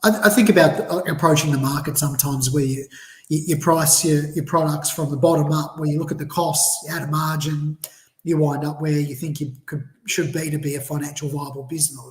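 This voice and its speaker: A man's voice: fairly high pitch, fairly even intonation, brisk. Thoughtful Australian man in a roomy space. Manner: thoughtful, explains ideas step by step. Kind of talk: casual chat. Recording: roomy echo.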